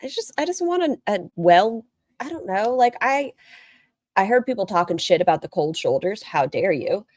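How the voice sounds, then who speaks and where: A woman's voice: medium pitch, sing-song, normal speed, a little mellow, no echo. A woman streamer giving casual, rambling reaction commentary and talking straight to her chat. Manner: chatty, rambling, talks to chat directly.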